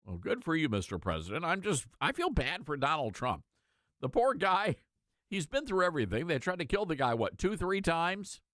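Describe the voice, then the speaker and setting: A male talk radio host giving sarcastic, animated commentary with mocking asides. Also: a little high, normal speed, no echo, clean studio sound.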